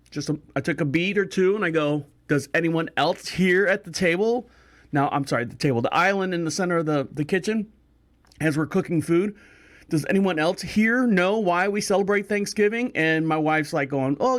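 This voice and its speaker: A man hosting a podcast, telling a rambling holiday story in a casual, wry way and correcting himself as he goes. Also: on the high side. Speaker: podcast host.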